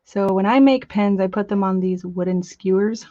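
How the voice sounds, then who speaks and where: A woman's voice: mid-range voice, dark tone, no echo, muffled recording. Bubbly woman hosting a crafting livestream. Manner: bubbly, chatty, quick gushing asides. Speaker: crafting channel host. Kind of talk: casual live-stream chat with demos.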